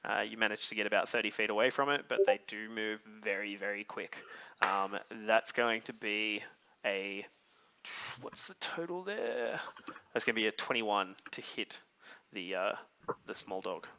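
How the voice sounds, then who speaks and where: A man running a tabletop game as game master, his voice fairly low but bright and forward. He describes the scene haltingly, stopping often to think. The audio is dull and lo-fi, like voice chat. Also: clear, resonant tone.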